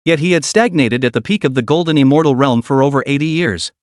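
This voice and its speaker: A man's voice: mid-range voice, fast, dry recording, studio quality. A man narrating a recap story in a scripted read, voicing all characters in the same plain voice.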